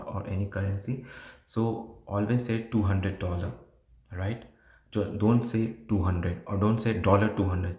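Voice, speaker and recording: A man giving exam prep tips in a casual tutorial, explaining slowly with many fillers and restarts. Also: lowish voice, a little mellow. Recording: echoey room.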